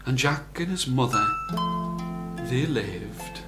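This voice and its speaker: An older man, a grandparent, reading traditional tales aloud as bedtime stories in a soft, animated way. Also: medium pitch, slow, loud music behind the voice. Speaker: grandparent storyteller. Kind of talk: bedtime storytelling.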